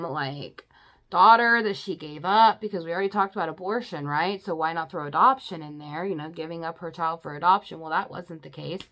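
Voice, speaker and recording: A woman's voice: lowish voice, fairly bright tone. Chatty, emotional woman recapping a book. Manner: chatty and emotional, many "you know" and "like" fillers. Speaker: book reviewer. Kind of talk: casual spoken book recap.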